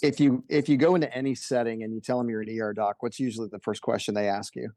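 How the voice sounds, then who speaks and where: A man's voice: medium pitch, steady tone, quick pace, a little mellow, no echo. A middle-aged man, an emergency physician and podcast guest, telling stories in a laid-back, chuckling way. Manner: laid-back anecdotal delivery, chuckles often. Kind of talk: casual podcast storytelling.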